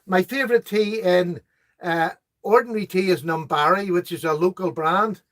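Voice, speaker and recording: A chatty middle-aged man with a high voice for a man, hosting a relaxed live stream. He reads viewer comments aloud, laughs easily at their jokes and chats on in a friendly, rambling way. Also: normal speed. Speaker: host of a live knife chat. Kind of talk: casual live-stream chat.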